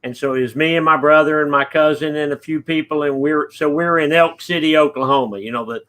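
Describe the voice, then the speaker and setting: A man's voice: a little high, brisk, fairly bright tone. A man hosting a casual interview and telling stories in an easygoing way. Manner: easygoing storyteller. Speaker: host.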